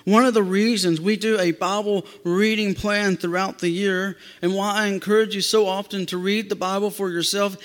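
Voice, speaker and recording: Guy preaching in a church, high voice, keeps repeating lines for emphasis, big reverby room. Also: steady tone, moderate pace, few pauses. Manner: emphatic, repeats phrases for stress. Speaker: pastor. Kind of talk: sermon. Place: church sanctuary. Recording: long hall reverb.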